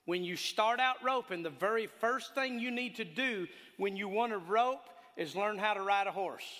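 A man preaching a sermon in a folksy, animated way, telling stories and laughing along with them. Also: sits high, normal speed. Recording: long hall reverb.

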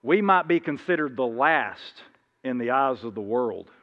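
A man's voice: medium pitch, lively intonation, unhurried. A man preaching an informal sermon, rambling through anecdotes with many restarts and acting out the voices in his stories. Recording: dull lo-fi sound, long hall reverb.

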